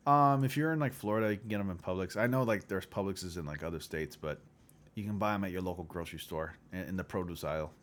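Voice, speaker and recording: A man's voice: low voice, quick pace, fairly bright tone. A man hosting a casual livestream chat, rambling with lots of filler words and chuckling often. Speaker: livestream host.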